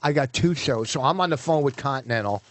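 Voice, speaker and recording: A man's voice: medium pitch, expressive, fast talker, a bit bright. Laughing fifties man telling a story. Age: 50s. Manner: rambling, laughing, swearing. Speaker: comedian guest. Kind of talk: casual radio chat, storytelling.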